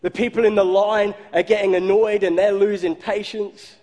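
A male pastor preaching a sermon, telling a story and slowing down low for emphasis. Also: level tone, warm tone. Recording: long hall reverb.

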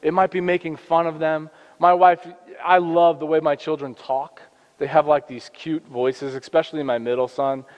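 A man's voice: fairly high pitch, little pitch movement, moderate pace. A man in his thirties, a father who works in youth ministry, giving an earnest, conversational faith-based parenting talk with frequent restarts. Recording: dull lo-fi sound with long reverb.

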